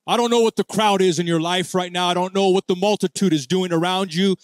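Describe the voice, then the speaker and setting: A man preaching a church sermon, calling for responses from the congregation and leading prayer in drawn-out phrases. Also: high voice, no echo. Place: church sanctuary.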